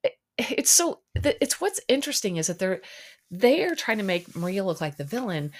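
A woman hosting a podcast, giving a chatty, opinionated recap of a reality dating show with lots of ums and likes. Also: medium pitch. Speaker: podcast host.

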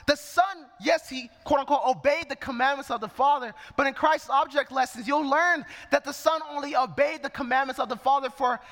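A man's voice: very high voice, brisk, few pauses, fairly bright tone, in a large hall. A man preaching a sermon, reading scripture verse by verse and explaining it as he goes.

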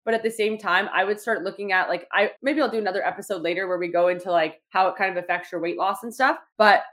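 A woman's voice: mid-range voice, fairly even intonation, fast talker, a bit bright. A woman hosting a solo podcast, talking casually with many "like" fillers and acting out little quoted exchanges. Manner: chatty, lots of "like" fillers, acts out quotes. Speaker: podcast host.

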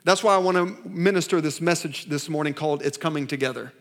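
A pastor delivers a sermon in a notably high male voice. He speaks emphatically, repeating phrases and restarting lines. He keeps asking the congregation to answer and repeat after him. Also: fast. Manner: call-and-response with the congregation. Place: church service.

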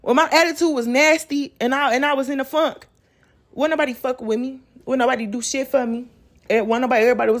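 A woman's voice: high voice, fast. Woman, ranting on her podcast, cussing a lot and mimicking people. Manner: profane, blunt, animated quoting of others. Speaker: podcast host. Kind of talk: casual rant.

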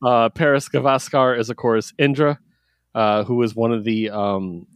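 A man co-hosting a casual podcast, talking about comics with excitement and frequent laughs. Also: mid-range voice, moderate pace, clear, resonant tone, no echo. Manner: excited, laughs often, acts out quotes. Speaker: podcast co-host reviewing comics. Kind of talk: casual chat.

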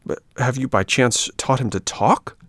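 A man voicing an impulsive wooden puppet boy, eager and pleading, rising to high exclaims. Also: a little slow, a bit bright, no echo. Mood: astonished.

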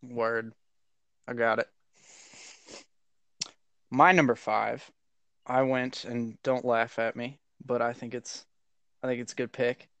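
A relaxed man hosts a casual geek podcast, taking his time with every sentence. His delivery is unhurried and loose, with an occasional curse word. The recording is dry and close, with almost no room sound. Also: mid-range voice, dry recording, lo-fi sound. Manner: laid-back, swears casually, laughs often. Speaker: podcast co-host.

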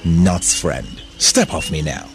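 A man's voice: rumbling low, sing-song, slow pace, gravelly, soft background music, heavily acted. A man voicing a playful, carefree male gorilla who talks in a boisterous, joking way.

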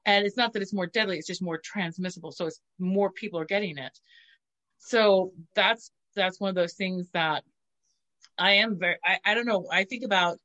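A woman with a bright, forward tone tells crude stories in a relaxed chat. She acts out the quotes with big swings in her voice, and her pitch sits in the middle for a woman. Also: moderate pace, lo-fi sound. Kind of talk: casual chat.

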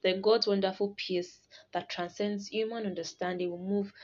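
A young woman tells a personal faith story in a casual, animated way. She laughs and restarts often as she talks. The recording is dull and lo-fi. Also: medium pitch, moderate pace. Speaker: storyteller sharing a testimony.

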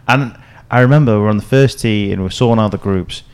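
A man in his thirties hosting a podcast, telling a story in a casual, animated way, acting out quotes, swearing and laughing often. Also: on the low side, normal speed, clean tone. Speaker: podcast host. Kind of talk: casual chat.

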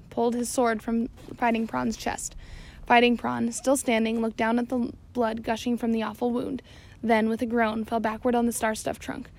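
A woman narrating an audiobook in a steady reading voice. Her pitch sits somewhat high with noticeable vocal fry, and she now and then stumbles and corrects herself. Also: slight background noise. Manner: steady reading with occasional slips and self-corrections. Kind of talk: scripted narration.

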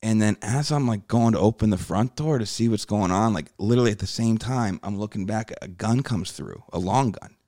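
Man, low voice, dry close mic, comedian guest, casual storytelling, swears, acts out quotes. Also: a little fast, hardly any pauses, no echo. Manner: animated, swears freely, acts out quoted dialogue.

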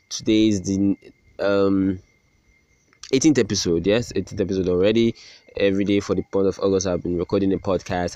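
A young man talks into a close mic in a dry, dead-sounding room, his voice sitting very low. He rambles through his day on a solo podcast, sarcastic and quick to poke fun at himself. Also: warm tone, no echo. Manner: rambling, sarcastic, self-deprecating, with many restarts. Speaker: podcast host. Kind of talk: casual solo podcast rant.

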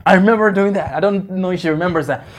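A male pastor with a high voice preaches fast at a church conference, giving a conversational sermon where he repeats phrases and checks in with the congregation.

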